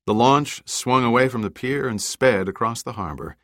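A man narrating an audiobook in a steady, measured way. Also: mid-range voice, no room sound, studio quality. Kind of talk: scripted narration.

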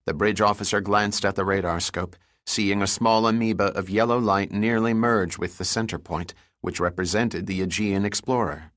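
A man narrates a thriller audiobook in a steady, even reading voice. His voice is low and the booth is dry and close. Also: moderate pace, hardly any pauses, no echo. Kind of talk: scripted narration.

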